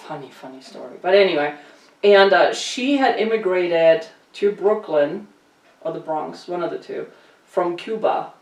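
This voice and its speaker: Lively German-born woman host, roomy sound. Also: fairly low pitch, unhurried, highs cut off. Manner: animated storyteller, laughs often. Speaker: podcast host. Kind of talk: casual chat. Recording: roomy echo, distant mic.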